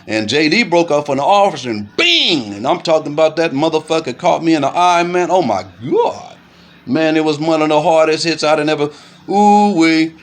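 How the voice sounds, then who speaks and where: A middle-aged man telling a street story to camera in animated, profane casual talk, filling it with "you know what I'm saying" and punching sounds. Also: a little high. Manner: makes punching sounds aloud.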